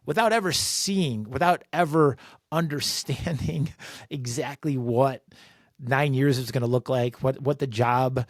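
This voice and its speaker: Animated storytelling man, dry close mic. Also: medium pitch, a little slow, no echo. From Chicago, USA. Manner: animated, acts out dialogue, frequent fillers. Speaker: author and podcast host. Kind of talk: storytelling monologue. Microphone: close podcast mic.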